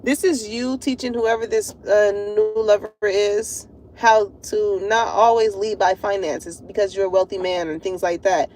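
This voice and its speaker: A woman giving a casual tarot reading to her viewers, animated and slangy, laughing often. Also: mid-range voice, a little hiss or hum. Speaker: tarot reader.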